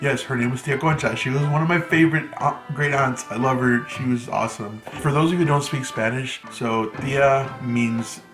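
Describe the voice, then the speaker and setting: A man's voice: mid-range voice, steady tone, moderate pace, few pauses. A man with Mexican roots telling a story from his teen years in a casual storytime vlog, chatting loosely with lots of "like". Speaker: vlogger. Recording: echoey room with music behind. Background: background music.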